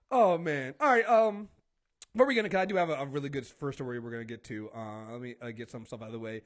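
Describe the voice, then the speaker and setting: A male podcast host chats casually on his talk show, ranting with heavy profanity and acting out exchanges. He speaks at a medium pitch and a quick pace.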